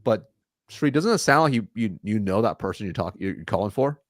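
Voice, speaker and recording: Male sales coach, low register, dry close mic, patient instructive delivery. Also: fairly quick, no room sound. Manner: instructive, demonstrates calm flat phone lines. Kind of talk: coaching role-play on a podcast.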